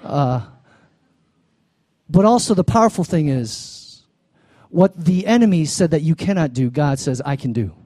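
A man with a fairly high voice preaches to his congregation. He is animated, acts out the people in his story and asks for an amen, and his voice sounds close and dry. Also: unhurried, long pauses, dry recording. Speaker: pastor. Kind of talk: sermon.

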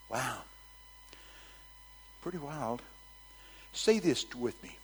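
A man's voice: medium pitch, slow pace, long pauses, breathy edge, long reverb tail, low-quality recording. A man preaching a sermon, telling stories with animation and calling out to his congregation. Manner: animated storytelling, calls out to the congregation.

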